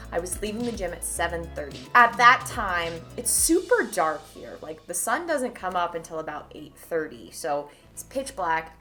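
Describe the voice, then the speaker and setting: A young woman from Idaho chatting to camera, telling a dating story in a lively, talkative way. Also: lowish voice. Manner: animated, chatty, swings from loud to hushed. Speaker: vlogger.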